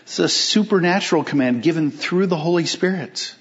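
Pastor preaching an emphatic sermon. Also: male voice, a little high, lo-fi sound. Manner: emphatic, with rhetorical questions and slowed key phrases.

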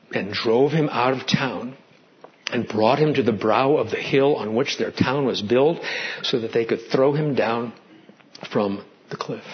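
A pastor with a medium-pitched voice preaches an animated sermon, moving between loud and hushed and now and then asking the congregation questions. The recording sounds muffled.

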